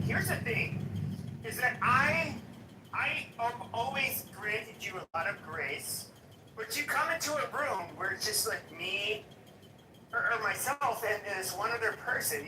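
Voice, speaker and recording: A man's voice: very high voice, animated, a little slow. Hesitant, echoey chat-room man. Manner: hesitant, full of fillers and restarts, contemptuous. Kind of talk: casual heated rant. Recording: echoey, distant, noisy audio-room stream.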